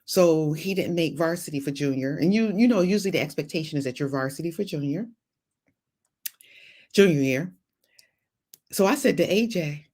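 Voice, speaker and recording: A woman's voice: deep voice, moderate pace, long pauses, a little mellow, slightly rough. A middle-aged woman hosting a motivational faith talk, exhorting viewers and greeting them by name, with playful asides and frequent laughter. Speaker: host and psychologist.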